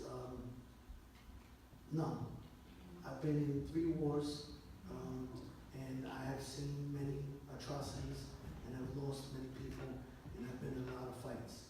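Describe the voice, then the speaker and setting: A man's voice: medium pitch, mellow. Emphatic man advising, echoey hall. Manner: emphatic, gives firm advice. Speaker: veteran panelist. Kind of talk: live Q&A panel talk. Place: event hall. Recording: echoey hall, distant mic, faint hiss.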